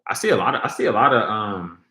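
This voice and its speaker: Deep-voiced man chatting on a livestream. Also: big pitch swings, fast talker, bright, forceful tone, echoey room. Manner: rambling, reads chat comments aloud. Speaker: livestream host. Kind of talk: casual livestream chat.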